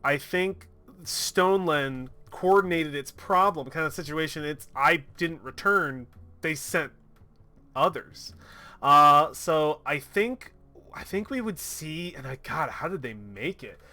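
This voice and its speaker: A man narrating his solo tabletop game in casual chat. He is excitable and swears freely, with a lot of laughing. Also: on the high side, slow pace. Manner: excitable and profane, laughing often.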